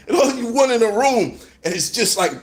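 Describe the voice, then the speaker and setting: A man telling a mocking story in a loud, animated way, laughing often and shouting at times. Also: very high voice, normal speed. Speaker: host. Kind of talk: casual storytelling rant.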